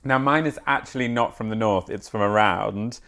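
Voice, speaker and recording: A man's voice: on the low side, moderate pace, fairly bright tone, smooth. A man co-hosting a casual chat, reading news stories aloud with amused asides and frequent laughter. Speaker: podcast co-host.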